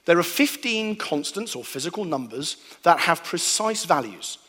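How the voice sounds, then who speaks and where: Man, animated public talk, fairly high voice, reverberant hall. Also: normal speed. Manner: animated, playful, acts out sounds and voices. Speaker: speaker giving a talk to an audience. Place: hall with a live audience.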